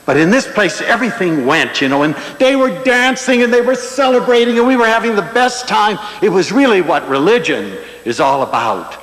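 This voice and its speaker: A man giving a humorous public lecture, telling stories in an animated, playful way. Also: high voice, normal speed, few pauses. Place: large lecture hall before an audience. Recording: echoey lecture hall.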